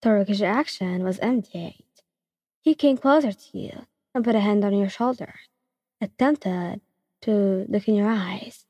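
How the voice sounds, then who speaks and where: A young woman narrating a second-person ASMR story in a soft, even reading voice. Her tone is breathy and slightly husky. A long reverb hangs behind her words. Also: medium pitch, unhurried. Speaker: fanfiction reader.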